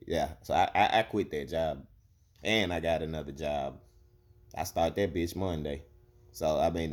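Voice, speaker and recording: A man's voice: rumbling low, a little mellow. A young man from Alabama, delivering a blunt, profane, heated rant to camera. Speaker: vlogger. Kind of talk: ranting monologue.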